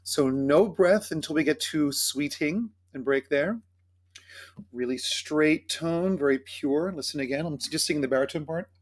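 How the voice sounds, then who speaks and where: A choir director with a slightly high voice rehearses a carol with his singers, coaching the words, phrasing, and pronunciation. He speaks, then slowly sings short phrases to demonstrate.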